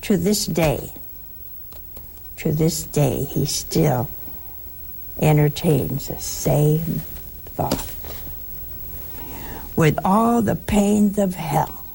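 A woman's voice: low voice, creaky, warm tone, husky. A woman giving a spiritual talk to a broadcast audience, telling folksy stories and asking rhetorical questions. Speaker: religious speaker.

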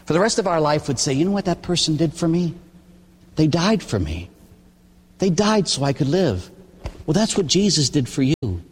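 A man's voice: on the high side, sing-song, moderate pace, breathy edge. An older man, a Catholic priest, preaching a sermon in a folksy, storytelling way with frequent "huh?" asides. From Pittsburgh area. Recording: long hall reverb.

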